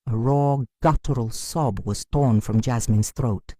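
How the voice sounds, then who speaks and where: A woman narrating a dramatic first-person story in a measured, emotional storytelling manner. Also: rumbling low, dark tone, dry recording.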